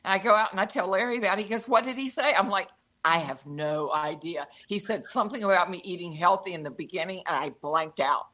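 A woman telling a lively, chatty anecdote in a casual conversation. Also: fairly low pitch, fast.

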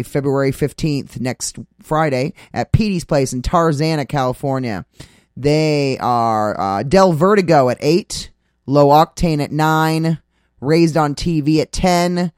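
A man's voice: a little high, clear, resonant tone, dry recording, clean studio sound. A man hosting a casual talk radio show, rambling with many fillers as he reads out upcoming gig listings.

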